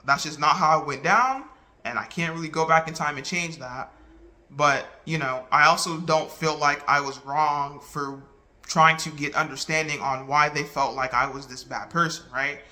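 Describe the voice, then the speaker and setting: A man talking casually to the camera, recounting a falling-out in an earnest, halting way with many restarts. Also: on the high side, pushed and bright. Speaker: vlogger.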